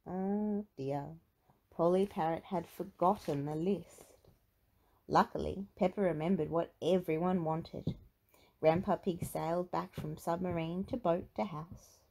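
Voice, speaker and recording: A woman reading a children's picture book aloud in an expressive, sing-song storytelling manner. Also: lowish voice, a little slow, gravelly. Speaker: storybook reader.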